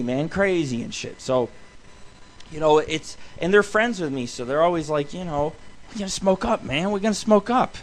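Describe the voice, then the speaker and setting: A young adult man hosting a show from his home studio, ranting in a loose, swearing, excitable way. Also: medium pitch, slight background noise. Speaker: radio show host. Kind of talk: profane rambling monologue.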